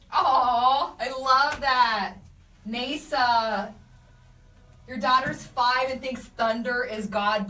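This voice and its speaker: A young adult woman hosting a casual live video, reading viewer comments and telling animated stories about her kids. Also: a little high, echoey room, far from the mic. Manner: chatty, animated storytelling with laughs. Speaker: radio host doing a live video.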